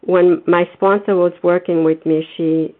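A woman's voice: on the low side, flat delivery, measured pace. A woman calling in to a recovery meeting, sharing earnestly and gratefully, slipping into livelier voices when she quotes others. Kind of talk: phone-in recovery meeting share. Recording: tinny phone line.

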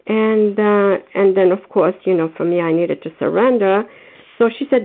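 A woman's voice: medium pitch, normal speed. A woman from Massachusetts giving a grateful share at a recovery meeting, often repeating words for stress. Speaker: meeting member sharing. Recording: phone-line audio.

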